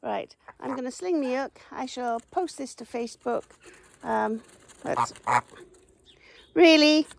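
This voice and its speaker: Slow, gravelly woman outdoors. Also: noisy background. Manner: chatty, teasing the geese in a high singsong. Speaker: smallholder vlogger. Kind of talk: casual chat to animals and camera. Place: outdoors in a garden with geese. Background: geese honking.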